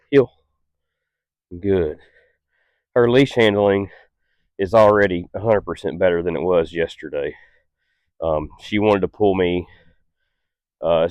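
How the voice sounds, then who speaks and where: A man working as a dog trainer, who explains his methods calmly and patiently and gives short, stern commands to a dog. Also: sits low, no echo. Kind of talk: instructional demonstration.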